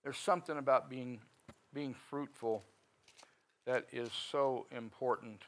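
Folksy male preacher with loud swells. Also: mid-range voice, steady tone, unhurried, rough recording. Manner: folksy, conversational preaching with sudden loud rises. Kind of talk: sermon.

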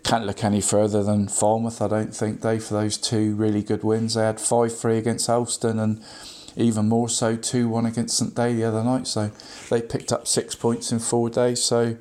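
A man's voice: fairly low pitch, monotone, moderate pace, hardly any pauses, dark tone. Chatty man reading football results. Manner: chatty, constantly says "mate", frequent ums and restarts. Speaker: local football results presenter. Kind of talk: casual radio football roundup.

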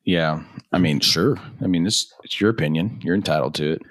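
A man co-hosting a casual beer tasting chat, his voice a bit hoarse from yelling. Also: deep voice, a little fast, dry recording, clean studio sound. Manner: relaxed, chatty, reads labels aloud. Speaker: co-host of a beer tasting show.

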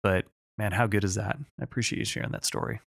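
A man's voice: fairly low pitch, steady tone, fast talker, vocal fry, fairly bright tone, dry recording, studio quality. A man hosting and coaching, responding to his guest in an affirming, encouraging way. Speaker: host and fundraising coach. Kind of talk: podcast conversation.

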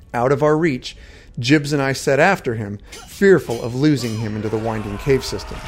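A man narrating a fantasy adventure in the first person. His voice sits at an ordinary middle pitch, and his delivery is steady and dramatic. Quiet music plays underneath. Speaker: storyteller. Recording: faint background music.

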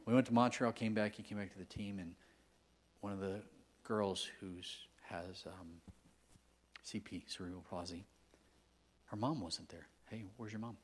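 A man preaching a sermon as a guest pastor, telling stories in a conversational way and swinging from hushed whispers to loud, emphatic outbursts. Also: sits low, steady tone, a little slow, long pauses, slight background noise.

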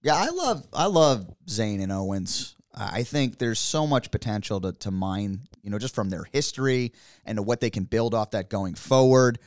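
Low-voiced man in casual wrestling talk. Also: moderate pace, dry recording, clean studio sound. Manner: rambling, animated opinions. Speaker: podcast co-host.

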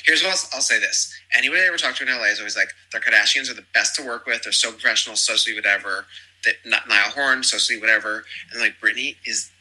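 A man talks quickly in a loose, rambling way, piling up fillers as he gossips. His voice is husky, with a bright, forceful edge to it. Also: mid-range voice, rough recording. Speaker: podcast guest. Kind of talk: casual chat.

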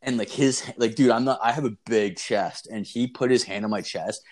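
A man's voice: medium pitch, brisk. A young man co-hosting a podcast, telling rambling, profane stories in casual chat and laughing through them. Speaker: podcast co-host.

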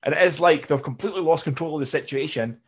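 A man's voice: a little high, fast, slightly rough. A man on a casual podcast, talking animatedly, swearing and acting out mocking retellings.

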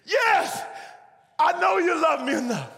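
A preacher voicing a panicked man dangling from a cliff, shouting frantic pleas for help in a long-echoing hall. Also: extremely high pitch, very animated, slow, creaky, voice pushed up, heavily acted. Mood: desperate.

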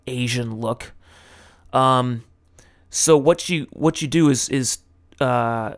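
A man giving casual, tongue-in-cheek tips in a rambling, irreverent way, full of fillers and the odd swear word. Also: medium pitch. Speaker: vlogger giving language tips.

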